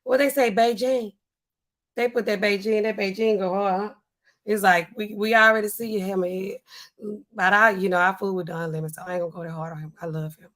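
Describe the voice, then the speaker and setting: A woman hosting a casual live stream, chatting loosely and reading out viewer comments in animated, slangy speech. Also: medium pitch, a little fast. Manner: chatty, animated, African American Vernacular English (AAVE) style phrasing.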